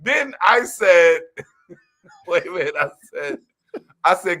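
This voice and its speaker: A man's voice: on the high side, slow, long pauses. A man co-hosting a casual postgame sports chat, telling stories with lots of laughter and acting out text exchanges. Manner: animated, laughing storyteller who acts out text exchanges. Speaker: sports podcast co-host.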